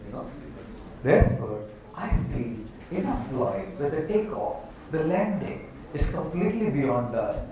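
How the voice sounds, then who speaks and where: A man with an Indian accent giving an animated motivational talk to a live audience, asking them questions as he goes. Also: a little high, normal speed, slight background noise. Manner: animated, asks the audience questions, uses props. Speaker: motivational speaker. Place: large hall with a live audience. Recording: echoey hall from far off.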